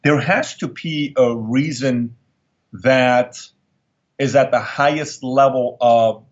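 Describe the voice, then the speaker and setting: A man's voice: mid-range voice, slow pace, highs cut off. A middle-aged man, an entrepreneur guest, telling his life story in an emphatic, repetitive way that turns emotional. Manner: emphatic, repeats lines for effect, emotional storyteller. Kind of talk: candid storytelling interview.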